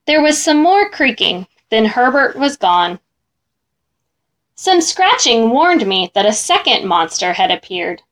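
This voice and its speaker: A woman narrating a children's story with great expression. Her voice is high and swoops widely, and she takes her time over each line. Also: a little slow. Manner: expressive, animated.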